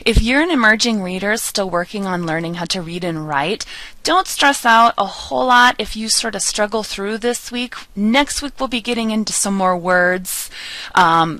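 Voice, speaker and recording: A woman teaching a beginner Spanish lesson, drilling sounds slowly and pausing for learners to repeat. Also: medium pitch, sharp tone, no room sound. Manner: slow, patient drilling with pauses for repetition. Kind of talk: recorded online lesson.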